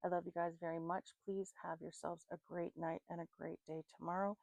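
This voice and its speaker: A sleepy woman talks through a casual psychic reading, tossing out names and places as they come to her. Her voice sits low with a gravelly edge, and the room sounds dry and close. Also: flat delivery, fairly quick, a little mellow, no echo. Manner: free-associating, laughing at her own slips. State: tired, sleepy. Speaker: psychic reader.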